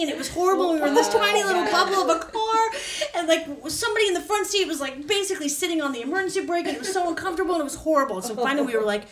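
A woman's voice: sits high, racing, far from the mic, crowd noise. A woman guest telling a story casually and animatedly, acting out the quotes. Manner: animated, acts out quotes loudly. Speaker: podcast guest. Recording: roomy echo.

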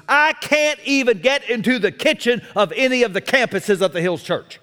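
Male pastor preaching a sermon with wry humor, high lively voice, long hall reverb. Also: normal speed, hardly any pauses. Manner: animated, wry self-deprecating humor.

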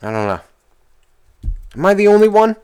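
A man's voice: big pitch swings, moderate pace, a little mellow, clean tone. Profane, exasperated man ranting on his podcast. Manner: pitch jumps up when worked up. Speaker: podcast host. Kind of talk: casual solo podcast rant.

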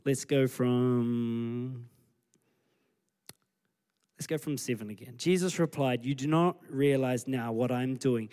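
A man preaching a sermon as pastor, retelling scripture with lively acted-out dialogue. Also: medium pitch. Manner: animated storytelling, acting out scripture scenes.

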